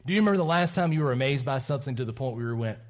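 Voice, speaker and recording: A man's voice: medium pitch, expressive, rapid-fire. A man preaching a sermon, chatting playfully with a child in front of the congregation and laughing easily. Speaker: pastor.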